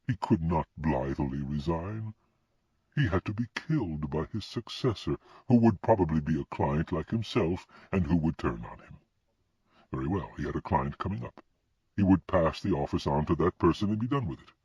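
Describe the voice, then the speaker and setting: Deep, husky male audiobook narrator. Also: normal speed, dry recording. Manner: expressive reading. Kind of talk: scripted narration. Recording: dull lo-fi recording.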